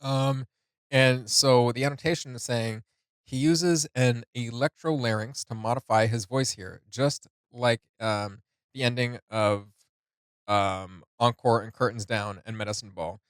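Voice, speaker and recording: A man's voice: medium pitch, measured pace, clean tone, dry recording, studio quality. A man hosting a music reaction video, talking casually, laughing often and reading notes aloud with lots of fillers.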